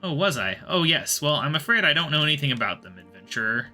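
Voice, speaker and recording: A man's voice: fairly high pitch, big pitch swings, fast talker, bright, forceful tone, soft background music, voice pushed up, full character voice. A man doing a fussy old cat lady. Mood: chatty. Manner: chatty, fussy, rambling. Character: kindly older woman who cares for cats. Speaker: game character voiced while reading.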